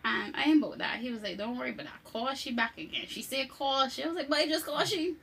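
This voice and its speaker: A bright, gravelly voiced woman in her late twenties tells a personal story in a relaxed, chatty way. She acts out other people's lines as she goes and laughs often. Her voice sits a little high and keeps a slight crackle. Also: fast talker. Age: 20s. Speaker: co-host telling her testimony. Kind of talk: casual storytelling.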